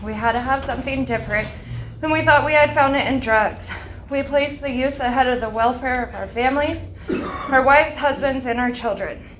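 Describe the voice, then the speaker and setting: A woman's voice: sits high, a bit bright. A woman reading a recovery text aloud at a support meeting, a little out of breath. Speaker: meeting reader. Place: meeting hall. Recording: echoey meeting room with background noise.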